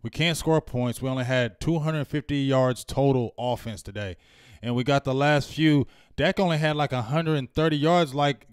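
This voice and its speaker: A man's voice: mid-range voice, moderate pace, clean tone, dry recording, studio quality. A man co-hosting a postgame fan chat, venting with frustration and growing emphatic. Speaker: co-host.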